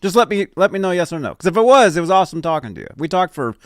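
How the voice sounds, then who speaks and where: Male co-host, slightly high and lively voice, teasing banter, dry close sound. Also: racing, dry recording. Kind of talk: casual live-stream chat.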